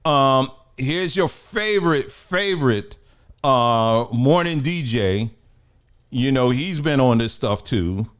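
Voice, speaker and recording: A man's voice: medium pitch, lively intonation, slow pace, fairly bright tone, clear, resonant tone. A middle-aged man hosts a casual news commentary stream in an ordinary mid-range voice. He rambles loosely, mutters to himself and breaks into laughter often. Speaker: host.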